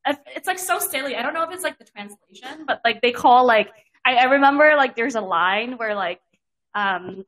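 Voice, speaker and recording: A young woman with a somewhat high voice hosts a relaxed podcast chat. She talks freely and leans on fillers as she goes. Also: normal speed. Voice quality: chatty, filler-heavy. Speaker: podcast host. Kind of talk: casual chat.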